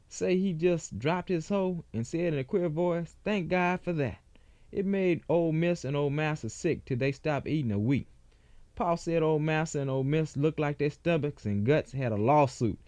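Male reader, slightly high voice, folksy dialect storytelling, very dry close sound. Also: darkish tone, no echo. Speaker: reader of a former slave's account. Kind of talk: dramatic first-person reading.

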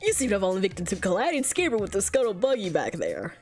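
A woman's voice: mid-range voice, huge pitch swings, quick pace, a little mellow, soft background music. Woman putting on a smarmy male troll lawyer. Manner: slick, salesy, overly polite.

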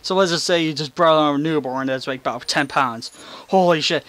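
A man's voice: fairly high pitch, a little fast, pushed and bright. A young man rambling and swearing through gameplay commentary at home, mocking himself as he goes. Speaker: gaming channel host. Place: room in his house. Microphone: face cam desk mic.

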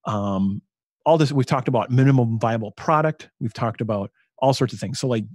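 A man's voice: medium pitch, normal speed, darkish tone, slightly rough, no room sound, clean studio sound. A man co-hosting a podcast in casual chat, thinking aloud and getting enthusiastic about ideas. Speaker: podcast co-host.

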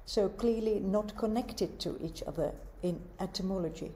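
A woman giving a university lecture, explaining in a measured way and asking rhetorical questions. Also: mid-range voice, mellow, slight background noise.

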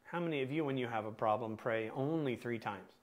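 A man preaching a sermon as pastor, asking the congregation questions and pausing to stress words. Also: medium pitch. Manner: asks the congregation questions, deliberate emphatic pauses.

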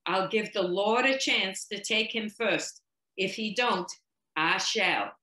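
A woman reading the lines of a quiet, grim male orderly, low and deliberate. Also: roomy sound, poor audio.

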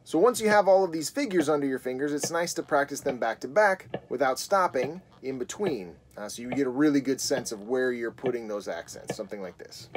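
Male guitar teacher, mid-pitched and casual, loose talker with fillers, soft guitar behind. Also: fairly quick, hardly any pauses. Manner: relaxed explaining with frequent fillers. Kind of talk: casual video guitar lesson.

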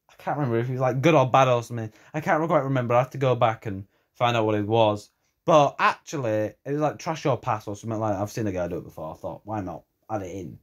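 A man vlogging from home, rambling through a casual reaction and leaning heavily on "you know" and restarts. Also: medium pitch. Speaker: reaction video creator. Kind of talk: casual rambling talk to camera. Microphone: camera set up at an odd angle.

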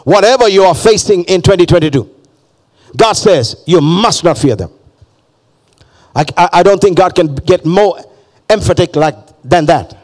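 A man's voice: high-pitched, animated, moderate pace, long pauses, a little mellow. A male pastor preaching a fervent sermon, repeating phrases and calling on the congregation to respond.

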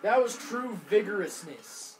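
A man casually commentating co-op gameplay with friends, excitable, often yelling and laughing. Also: high voice, unhurried. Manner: excitable, yells and laughs during fights. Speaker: gamer playing co-op with friends.

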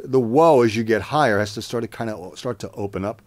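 A man teaching singing, explaining warm-ups in a plain, conversational way and breaking into sung scale demonstrations. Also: on the low side, fast talker, few pauses, no echo, clean studio sound. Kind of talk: vocal lesson with sung demonstrations.

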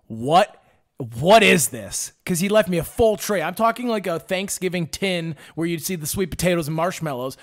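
A man rants his way through a casual podcast chat, swearing freely as he spins animated stories. His voice sits a bit high for a man. The sound is dry and close, with no room around it. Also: dry recording. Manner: profane, ranting, animated storytelling. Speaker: podcast host.

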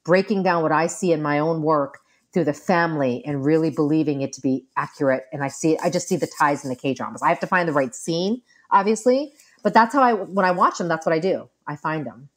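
Lower-voiced woman therapist, animated storyteller. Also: a little fast. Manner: animated storytelling, acts out quoted lines. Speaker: family therapist guest. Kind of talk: casual interview talk.

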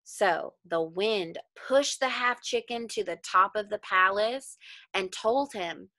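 A woman teacher reading a folktale aloud to young children, pausing to ask them questions about the story. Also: medium pitch, dry recording. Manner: expressive, questioning the listeners.

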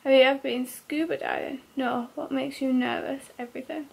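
A young woman vlogging, reading out quick questions and giving terse, offhand one-word answers. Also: sits high, steady tone, vocal fry, breathy edge. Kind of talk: casual question-and-answer vlog.

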